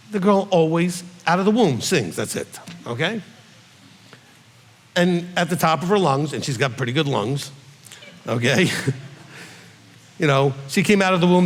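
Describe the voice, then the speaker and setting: A man's voice: a little high, big-room sound. A man, a rabbi, answering questions in a conversational teaching style, checking in with listeners and acting out quoted voices. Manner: conversational, frequent "okay?" check-ins.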